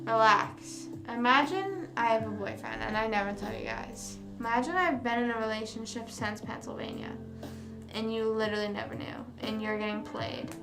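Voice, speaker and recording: A young woman host chats casually with her viewers, rambling along with plenty of fillers and false starts. Her voice sits a little high, and it carries some room echo. Music plays clearly in the background. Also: normal speed. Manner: rambling, self-correcting, many fillers. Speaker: livestream host. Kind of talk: casual chat with live viewers. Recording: roomy sound with music behind.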